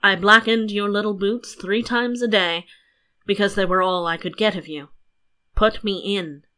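A woman voicing a cool-headed young prince who speaks politely and in a measured way. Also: medium pitch, steady tone, bright, forceful tone. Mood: blunt.

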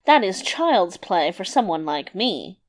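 A woman voicing a boastful, cheerful little male tailor in a storybook reading, loud and emphatic. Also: medium pitch, very animated, unhurried. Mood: cocky. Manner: bright, cocky, emphatic boasting.

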